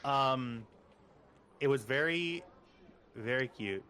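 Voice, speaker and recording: A man acting as game master, chatting casually and telling rambling, animated stories before narrating the game. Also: slow, smooth. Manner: animated rambling storyteller, squeaky high voice for quotes.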